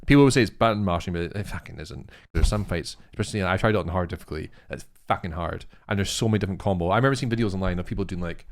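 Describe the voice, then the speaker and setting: A young man co-hosting a casual chat, excitable and rambling, swearing freely. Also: sits low, very fast, hardly any pauses. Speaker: co-host.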